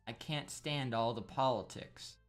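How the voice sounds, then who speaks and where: A man's voice: mid-range voice, slow pace, soft background music, lightly acted. A man voicing a cheerful teenage girl who presides over a school club in an anime-style game, using a put-on singsong accent. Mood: prim.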